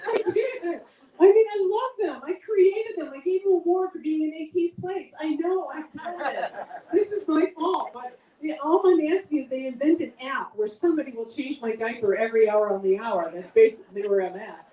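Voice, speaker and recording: A woman's voice: normal speed, recorded from a distance, muffled recording, a little hiss or hum. A middle-aged woman doing a chatty, self-mocking stand-up comedy set for a live audience. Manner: chatty, self-mocking, big swings in pitch. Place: event room with a live audience. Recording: echoey room, voice off-mic.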